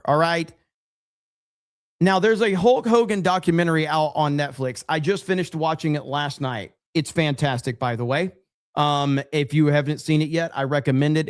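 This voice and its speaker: A man's voice: a little high, no room sound, clean studio sound. A man hosting a livestream, reading super chats and rambling sarcastically to his chat. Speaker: livestream host. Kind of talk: casual livestream commentary.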